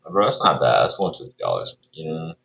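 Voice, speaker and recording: A very deep-voiced man with a gravelly, fry-heavy edge talks his way through his trades in a laid-back, slangy manner. The audio sounds a little dull and lo-fi. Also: big pitch swings, brisk, pushed and bright. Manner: laid-back, slangy, says "bro" and swears a lot. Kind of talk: casual live commentary while trading.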